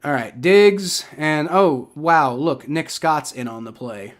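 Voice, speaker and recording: A man from Ohio with a Southern accent, giving excitable, rambling live play-by-play reaction commentary on a football game and swearing when frustrated. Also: on the high side, takes it slowly. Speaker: livestream sports reaction host.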